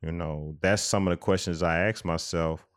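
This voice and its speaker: A man's voice: low voice, fairly even intonation, normal speed. A man co-hosting a podcast, talking earnestly and reflectively in a casual chat, with many restarts. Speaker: podcast co-host.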